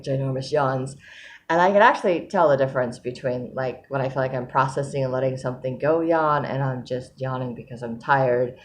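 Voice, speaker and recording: A woman's voice: extremely low pitch, a little hiss or hum. A woman talking in a casual diary vlog, sleepy and yawning, rambling and self-deprecating with frequent laughs. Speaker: vlogger.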